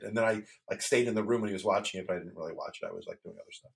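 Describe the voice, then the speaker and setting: A man with a fairly low voice trades casual podcast banter. His remarks are dry and wry, slipped in as joking asides. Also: rapid-fire, gravelly, hardly any pauses. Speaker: podcast co-host. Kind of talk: casual chat.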